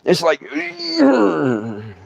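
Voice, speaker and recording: A man's voice: high voice, huge pitch swings, drawn-out words, creaky, no echo, highs cut off. A middle-aged man telling a comic story on a livestream, stammering, laughing often and putting on voices. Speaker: comedian. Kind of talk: storytelling stand-up.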